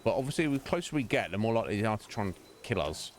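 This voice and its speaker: A man streaming a game, chatting casually in a rambling, halting way and often laughing. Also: fairly low pitch, sing-song, slight background noise.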